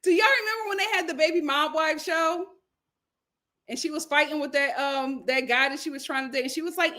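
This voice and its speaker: High-voiced, animated woman livestream host. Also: a little fast. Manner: animated, laughs often, swings from loud to murmured asides. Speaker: live recap show host. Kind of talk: casual live-stream chat reading comments.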